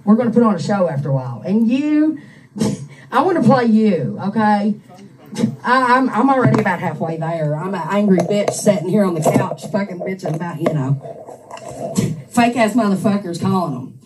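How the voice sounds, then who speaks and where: Woman, casual profane rant, taunting and laughing, mid pitch, slightly off-mic. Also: expressive, moderate pace, far from the mic, noisy background. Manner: mocking, crude, laughs often. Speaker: streamer ranting at an online troll. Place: on a couch at home. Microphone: handheld microphone.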